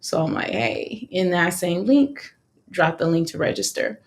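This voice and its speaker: A woman's voice: fairly low pitch, wildly swooping pitch, unhurried, creaky. A young woman from California, an online course creator, talking casually on a live stream, chatty and slangy, laughing often.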